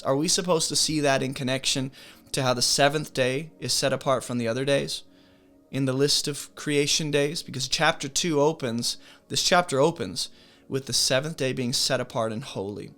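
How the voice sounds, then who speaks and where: A man's voice: mid-range voice, a bit bright. Man teaching Bible study through questions. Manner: posing question after question.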